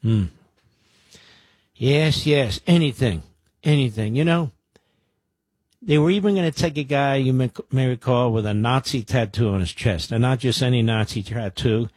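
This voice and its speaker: A man's voice: medium pitch, normal speed, darkish tone, breathy edge, no room sound, clean studio sound. A man in his sixties from the Philadelphia area, hosting a combative talk radio show with a sarcastic, mocking delivery. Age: 60s. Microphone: studio microphone.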